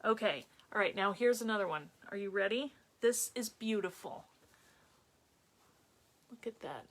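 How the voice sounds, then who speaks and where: A woman's voice: medium pitch, normal speed. A middle-aged woman with a New York accent hosts a casual live craft tutorial, chatting and greeting viewers by name as she works.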